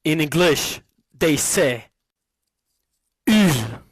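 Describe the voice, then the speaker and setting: Slow, dry-voiced Frenchman mangling English. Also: on the high side, lively intonation, breathy edge, no echo. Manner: deliberately mangles English words, then shouts in mock outrage. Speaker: comedy video creator. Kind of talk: comedic pronunciation skit. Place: played from a video clip.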